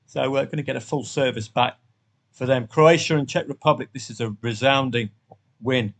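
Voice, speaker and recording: A man hosting a casual football trading review, chatty and rambling, with dry asides. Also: medium pitch. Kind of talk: casual spoken match review.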